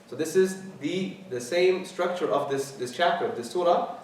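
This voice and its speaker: A man teaching as an imam, explaining scripture in a lecture, repeating key words and reciting quickly. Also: fairly high pitch, darkish tone, slight background noise. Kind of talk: tafsir lecture. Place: mosque hall. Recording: very echoey hall, mic at a distance.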